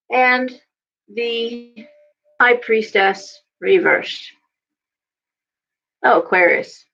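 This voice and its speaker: A woman's voice: on the high side, a bit bright, highs cut off, slight background noise. A woman giving a casual live tarot reading, chatty and coaching, often repeating herself. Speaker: tarot reader.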